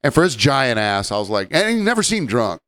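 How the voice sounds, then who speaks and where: A man spins casual bar stories on a podcast with plenty of energy. His voice is smooth and clear, and his pitch moves around a lot. He slips into quick impressions of the people in his stories. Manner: animated anecdote-telling, acts out quotes. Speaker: podcast host and bartender. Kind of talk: casual storytelling chat.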